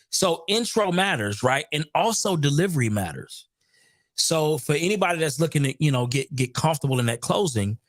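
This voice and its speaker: An energetic man hosts a live stream in a chatty way and often repeats his phrases. The sound is dry and close, with no room around his mid-pitched voice. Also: dry recording. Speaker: host.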